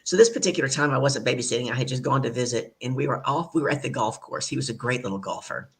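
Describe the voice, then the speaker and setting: A woman hosting an online talk show, telling a family story in a lively, chatty way, with many asides, over a video call. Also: a bass voice, fast talker. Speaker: show host. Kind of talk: conversational storytelling.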